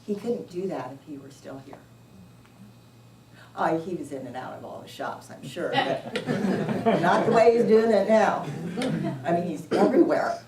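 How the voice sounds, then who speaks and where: Woman church speaker, low-pitched and very slow; distant mic in an echoey hall with faint background noise. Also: a little mellow. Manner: unhurried, anecdotal, often chuckling. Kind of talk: informal sermon. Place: church sanctuary.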